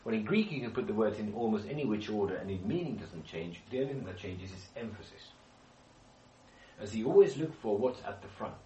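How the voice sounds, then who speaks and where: A man's voice: lowish voice, expressive, fairly quick, dark tone, slight background noise. A man leading a Bible study group, explaining with questions to the group and frequent restarts. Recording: echoey room, speaker far from mic.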